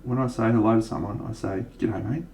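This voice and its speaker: A man's voice: on the low side, steady tone, fast, gravelly, darkish tone, a little hiss or hum. A young Australian man chatting casually and laughing easily while painting models on a live stream.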